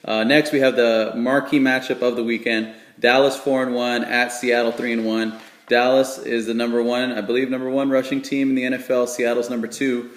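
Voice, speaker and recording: A man's voice: medium pitch, little pitch movement, a little fast. A man casually chatting through sports picks, rambling and joking with many fillers. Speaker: sports vlogger making game picks. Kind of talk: casual chat. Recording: echoey room.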